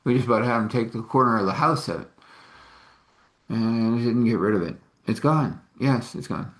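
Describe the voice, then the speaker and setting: A man's voice: medium pitch, normal speed, close to an everyday voice. Man quoting a chatty troubled homeowner woman.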